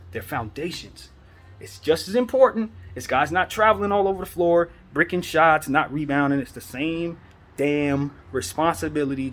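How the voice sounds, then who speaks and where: A man's voice: medium pitch, fairly bright tone. A man hosting a basketball commentary show, giving a fired-up, preachy opinion monologue full of rhetorical questions.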